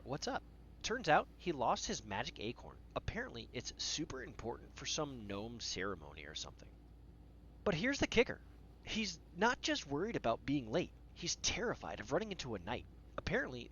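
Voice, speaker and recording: A narrator telling a whimsical story as a casual, conversational voice-over, animated with dramatic pauses. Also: mid-range voice, dull audio, a little hiss or hum.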